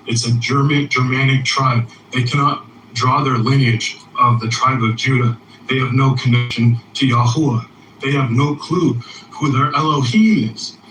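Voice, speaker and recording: An insistent man on a call-in, delivering sharp, bright declarations one after another. His voice is distant and echoey, with faint noise behind it. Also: mid-range voice. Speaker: caller. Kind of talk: heated lecturing.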